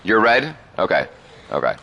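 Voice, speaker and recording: A rowdy young man in his twenties riffs through a video game match, swearing freely and breaking into laughter. His voice swings widely up and down and comes across bright and forceful, a little tipsy and rambling. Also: on the low side, very animated, normal speed, vocal fry, dull audio. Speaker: gaming streamer. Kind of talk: casual gameplay chat.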